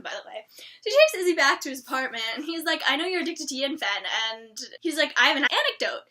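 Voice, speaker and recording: A young woman vlogger chatting casually about a TV episode, excitable and rambling, full of "like"s. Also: high voice. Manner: gushing, excitable, rambling with many "like"s. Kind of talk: casual chat.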